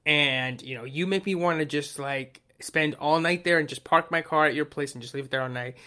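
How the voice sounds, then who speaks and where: A man chatting casually about songs he likes, rambling and swearing as he goes. His voice is bright and forceful and sits a bit high. He acts out little quotes along the way. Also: fairly quick. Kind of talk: casual chat about music.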